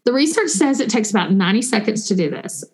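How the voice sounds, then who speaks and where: A woman, a Christian counselor and author answering interview questions in an animated way. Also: fairly high pitch, quick pace. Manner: animated, warm storytelling with quoted voices; guides listeners through a breathing exercise.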